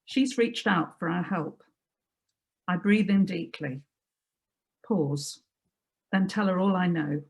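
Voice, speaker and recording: A woman reading her own prose piece aloud, in a measured, quiet and reflective way, over a video call. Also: lowish voice.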